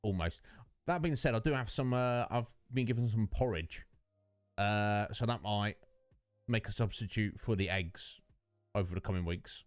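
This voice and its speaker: Smooth and fairly low-pitched, this British man keeps a moderate pace while streaming a game, joking around and addressing viewers by name. There's no room sound, just soft background music, captured on a studio dynamic mic in his home streaming setup.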